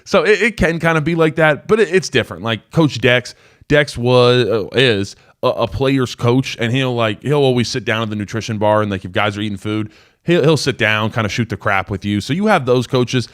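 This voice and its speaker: A man's voice: mid-range voice, normal speed, fairly bright tone. A man in his twenties, a former college football player, hosting a live call-in sports show in a loose, casual way with lots of fillers. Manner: casual, rambling storyteller with many fillers.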